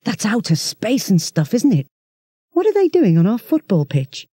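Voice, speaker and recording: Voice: medium pitch, wildly swooping pitch, moderate pace, warm tone, breathy edge, no echo, studio quality, pitched above the performer's own voice. A reader voicing Trigg, a curious young boy who asks eager, wondering questions in a storybook.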